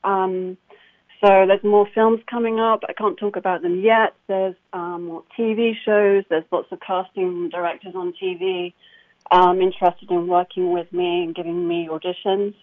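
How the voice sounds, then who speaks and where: A woman's voice: lowish voice, flat delivery, normal speed. Woman, actor guest, enthusiastic, lots of ums and restarts, narrow tinny phone sound. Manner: enthusiastic, many fillers and restarts. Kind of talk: casual interview chat. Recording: phone line.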